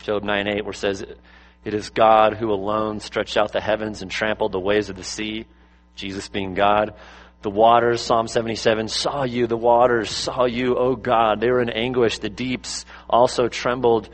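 A male pastor delivering a sermon, swinging between louder, higher bursts and low, quiet passages, with lots of rhetorical questions. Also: level tone, normal speed. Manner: rises and drops in pitch and loudness for emphasis, asks rhetorical questions.

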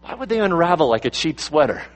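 A male pastor delivering a sermon, swinging between louder, higher bursts and low, quiet passages, with lots of rhetorical questions. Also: big pitch swings, fast. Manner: rises and drops in pitch and loudness for emphasis, asks rhetorical questions.

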